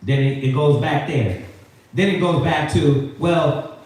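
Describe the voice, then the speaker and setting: A man teaching a Sabbath scripture class, preaching in an animated, slangy way and firing questions at the group. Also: on the high side, unhurried, very echoey, distant mic, poor audio. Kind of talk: call-and-response scripture teaching. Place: classroom or meeting hall with a live group.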